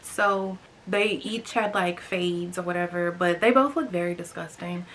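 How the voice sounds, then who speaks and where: A woman's voice: on the low side, a little slow, a bit bright, slight background noise. A young woman in her twenties chatting to camera, telling a story with lots of "like" fillers and asides to her viewers. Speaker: storytime vlogger.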